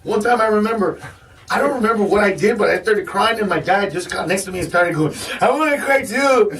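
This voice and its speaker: Male comedian guest, high voice, animated rants, off-mic studio sound. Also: fast talker, recorded from a distance. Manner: animated, ranting, stammering restarts. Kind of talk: casual radio chat. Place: radio studio.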